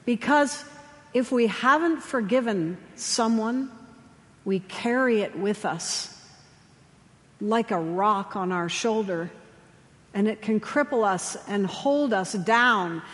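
Woman preacher, gentle storyteller, measured pauses, mid-pitched voice, long hall echo. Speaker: chaplain. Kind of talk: sermon.

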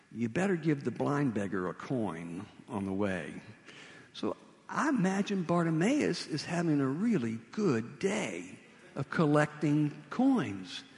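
An animated male preacher tells a story at a slow, deliberate pace. His voice rises and falls freely over a fairly high register. A long hall reverb trails each phrase. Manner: animated storytelling with vivid retelling. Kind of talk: sermon.

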